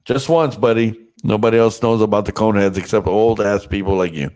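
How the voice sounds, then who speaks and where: A man's voice: fairly low pitch, a little fast, a little mellow. A man hosting a casual podcast chat, teasing and swearing freely, with a stuffed-up nose. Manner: profane, joking, teasing. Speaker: podcast host and DJ.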